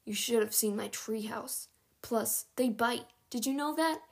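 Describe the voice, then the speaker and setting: A woman's voice: on the high side, measured pace, vocal fry. A woman voicing a grumbling but good-natured grown man in a read-aloud storybook. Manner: grumbling, teasing. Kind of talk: audiobook character reading.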